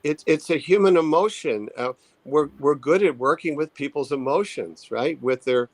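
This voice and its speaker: A man speaking as a therapist and author in an interview, thoughtful and halting, restarting his sentences often. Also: a little high, no echo, poor audio. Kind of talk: conversational expert interview.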